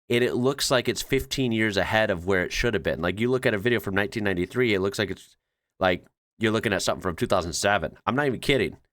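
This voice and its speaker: Chatty low-voiced American man. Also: fairly bright tone, dry recording, studio quality. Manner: chatty, rambling, self-correcting. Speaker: channel host. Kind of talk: casual reaction commentary.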